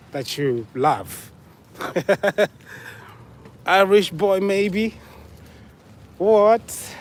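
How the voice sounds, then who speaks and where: A man's voice: mid-range voice, a little hiss or hum. A man with a Southern African accent, playfully teasing viewers as he answers their guesses in a casual live stream. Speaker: livestream host reading chat.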